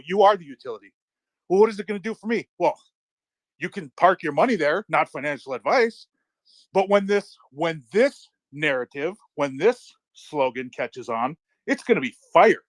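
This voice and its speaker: Man, middle-aged, high pitch, dry close sound, excitable, cursing storyteller. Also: dry recording. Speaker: crypto community speaker. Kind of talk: casual live audio-room chat.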